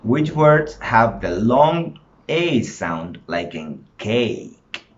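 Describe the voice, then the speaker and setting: A male teacher gives a home-recorded lesson at an unhurried pace, stretching each prompt. His voice sits in a middle register. The recording is dull and lo-fi with faint background hiss. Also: on the low side, big pitch swings. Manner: slow, drawn-out classroom prompting. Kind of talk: online class lesson.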